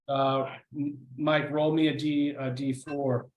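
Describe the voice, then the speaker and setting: A young man narrating as game master, halting with many fillers and restarts. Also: mid-range voice, level tone.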